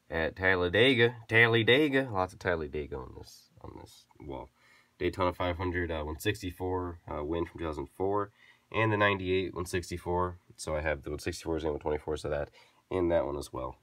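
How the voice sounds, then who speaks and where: A man's voice: a bass voice, dry recording. A young man casually showing his diecast car collection to viewers, rambling, correcting himself and joking as he goes. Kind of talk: casual chat to camera.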